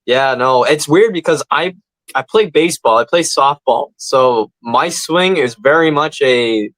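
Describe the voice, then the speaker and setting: A man's voice: medium pitch, expressive, unhurried, a bit bright, dry recording, poor audio. Man, laid-back co-host, casual swearing, dry close mic. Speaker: podcast co-host. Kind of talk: casual chat.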